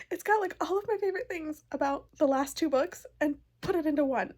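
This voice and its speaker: A young woman book vlogger chatting casually, gushing and emotional, filling her talk with "like". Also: sits high. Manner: gushing, emotional, lots of "like" fillers. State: tearful, crying happy tears. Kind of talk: casual vlog chat.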